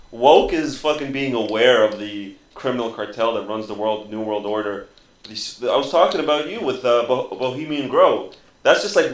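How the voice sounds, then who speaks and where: A man's voice: mid-range voice, echoey room. A man co-hosting a podcast, rambling in a conspiratorial, filler-heavy way. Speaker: podcast co-host. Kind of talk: casual chat.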